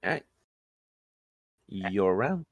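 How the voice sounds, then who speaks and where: A man acting as game master, narrating a tabletop game in a relaxed, plain way. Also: sits low, very slow, slight background noise.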